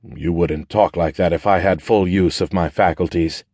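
A man's voice: sits low, steady tone, normal speed, a little mellow, no echo, clean studio sound. A man voicing a wounded man stuck in bed who jokes and teases in an offhand way. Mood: wry. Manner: joking, offhand, teasing.

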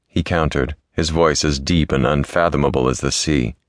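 A male audiobook narrator reading a historical romance with smooth, even storytelling. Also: extremely low pitch, normal speed, few pauses, dry recording, studio quality.

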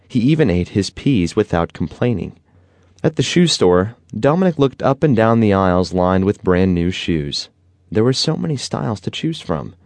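Expressive male storybook narrator. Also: lowish voice, moderate pace, dry recording. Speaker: audiobook narrator. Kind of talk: children's audiobook narration.

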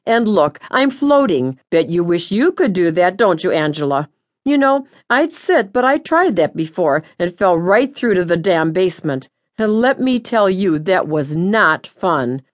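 Woman voicing ghost mother, older, bossy, scolding, blunt, lively pitch. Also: measured pace. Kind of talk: audiobook character voice.

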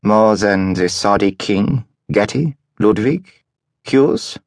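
A man voicing a tiny, guarded woman doctor with a mid-European accent, speaking softly and with measured care. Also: lowish voice, expressive, dry recording, clean studio sound. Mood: cool, probing. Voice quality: soft-spoken, measured.

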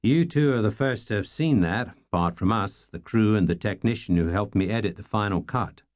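A man reading the part of a relaxed, friendly male film star with an Australian Californian drawl. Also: on the low side, moderate pace, no room sound, lightly acted. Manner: easygoing drawl.

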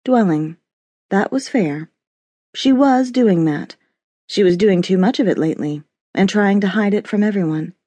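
A woman narrating a romance audiobook in an expressive storytelling manner, close to a studio mic. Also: medium pitch, moderate pace, no echo. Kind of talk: scripted narration.

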